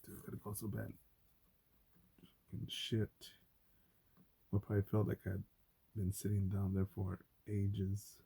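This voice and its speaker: A man telling stories in a casual, rambling monologue, cursing often and getting animated. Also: fairly low pitch, fairly quick, creaky, breathy edge. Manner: profane, animated storytelling. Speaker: vlogger.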